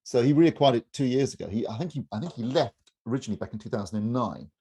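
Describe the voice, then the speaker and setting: A man's voice: mid-range voice, expressive, fast talker, mellow, breathy edge. A man in his fifties, a podcast co-host, chatting casually in a wry, rambling, joking way. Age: 50s. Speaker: reviewer and co-host. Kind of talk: casual chat.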